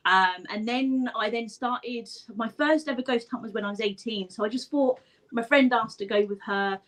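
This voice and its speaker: A young woman, chatting as a guest on a video call. She talks in a chatty, giggly way, her voice sitting a little high. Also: moderate pace, fairly bright tone, poor audio. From southern England. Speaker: guest, paranormal investigator. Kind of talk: casual chat over video call.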